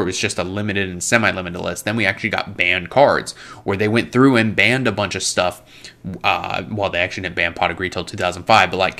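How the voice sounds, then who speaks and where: Guy ranting into a desk mic, kinda low voice, a bit hoarse, throat clears. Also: a bit bright. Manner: rambling, opinionated, reads viewer comments aloud. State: losing his voice, clears throat. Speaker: YouTube host. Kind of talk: casual commentary. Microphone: desk microphone.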